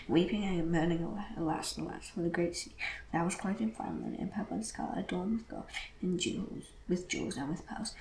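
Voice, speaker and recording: A regular reader reading scripture aloud, steady and measured, with occasional restarts. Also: medium pitch, vocal fry. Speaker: Bible reader. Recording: echoey room with faint noise.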